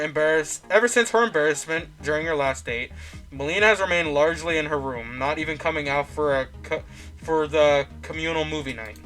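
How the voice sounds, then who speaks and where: A man's voice: on the high side, a bit bright. A young man reading a visual novel aloud as a let's play host, often stumbling, correcting himself and adding joking asides.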